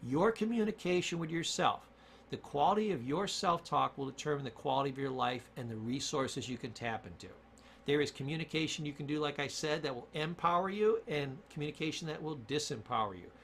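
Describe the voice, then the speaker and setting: A man's voice: on the high side, animated, a little fast, creaky, fairly bright tone, slight background noise. A man giving an emphatic motivational lesson on self-talk and word choice, repeating key points for stress. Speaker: communication coach.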